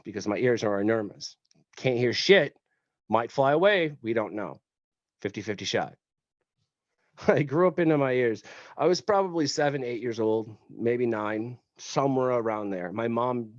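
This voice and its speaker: A man's voice: on the low side, dry recording. Casual male podcast guest from West Tennessee, rambling storyteller who cracks jokes and swears; dry, dull lo-fi sound.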